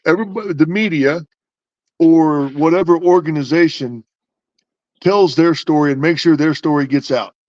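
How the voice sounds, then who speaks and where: A man's voice: a little high, normal speed, darkish tone, dry recording, muffled recording. A man hosting a podcast who argues his points casually, stacking up rhetorical questions. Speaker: podcast host.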